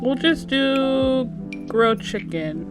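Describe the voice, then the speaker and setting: A woman's voice: sits high, expressive, takes it slowly, music in the background. Chatty woman narrating her gameplay. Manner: chatty, offhand. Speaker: gaming channel host. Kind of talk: casual gameplay commentary.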